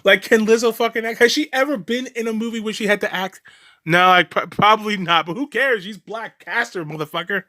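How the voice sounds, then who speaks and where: A man's voice: high voice, brisk, pushed and bright. A man doing a reaction commentary, profane, sarcastic and mocking, rambling with restarts and laughs.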